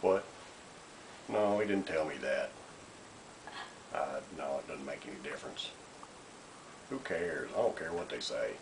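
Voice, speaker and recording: Older male puppeteer, muttered off-hand aside, gravelly. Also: a bass voice, animated, a little slow, pauses often, noisy background. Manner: quiet, muttered.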